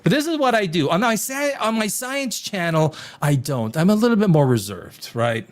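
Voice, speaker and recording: A man hosting a live stream, ranting in a casual, crass and excitable way and laughing often. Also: sits high, moderate pace. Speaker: live show host.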